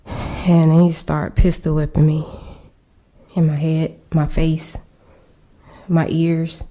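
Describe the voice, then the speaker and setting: A survivor is being interviewed, recounting her personal testimony in a low, dark voice. She speaks slowly and pauses often to search for words, her delivery flat and subdued the whole way through.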